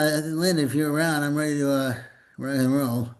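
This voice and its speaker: A male minister preaches in a loose, conversational way. He stumbles over repeated words and drops in folksy jokes, and his voice sits a little high for a man. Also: steady tone, normal speed. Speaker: minister leading a spiritual gathering. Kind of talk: informal spoken sermon.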